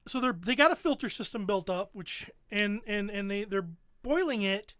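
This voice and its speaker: A man's voice: sits high, expressive, moderate pace, fairly bright tone, no room sound, studio quality. A man hosting a podcast, animatedly retelling a show in casual, profane chat. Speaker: podcast host.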